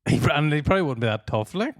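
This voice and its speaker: A man's voice: a little high, animated, rapid-fire, slight background noise. A man in his thirties with a Northern Irish accent, a laughing podcast guest in casual banter. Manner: laughing, chatty.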